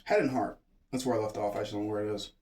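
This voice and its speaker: A man's voice: lowish voice, fairly even intonation, very fast, darkish tone, a little hiss or hum. A man casually reading a children's book aloud, stopping often to ramble and joke. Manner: digressive, jokey, stop-start reading.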